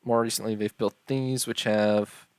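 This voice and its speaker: A tired man with a low voice talks through a strategy game in casual, unhurried commentary. He yawns between lists of figures and fills gaps with ums. The sound is close and dry, with no room around it. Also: level tone, a little mellow, clear, resonant tone, dry recording. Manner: unhurried, listing details with many ums and uhs. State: tired, yawning. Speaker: strategy game let's-player.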